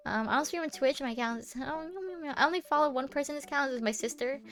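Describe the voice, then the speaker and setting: A young woman with a high, bright-sounding voice, live-streaming and bantering casually with her chat. She is giggly and teasing, rambling through her thoughts with plenty of "like" and restarts. Soft music plays faintly underneath. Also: fast talker. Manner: playful, giggly, teasing, rambling with many fillers.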